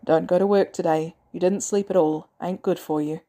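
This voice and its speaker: A blunt, weary soldier who curses freely, as a woman reads him aloud. The voice is mellow and dark at the core, his words clipped and hard. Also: on the low side, fairly even intonation, moderate pace, lightly acted. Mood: tender. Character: gruff weary male ex-soldier.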